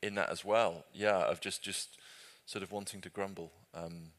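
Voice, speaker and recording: Steady in tone and speaking at normal speed, a low-pitched British man guides a group through Bible study teaching. He keeps it conversational and lightly humorous, often starting sentences over to correct himself.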